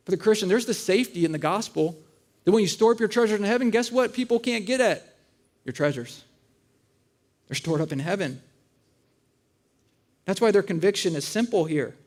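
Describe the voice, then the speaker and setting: A man in his thirties preaching a conversational sermon, telling funny family stories and acting out voices. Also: high voice. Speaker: pastor. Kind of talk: sermon with storytelling. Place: church auditorium.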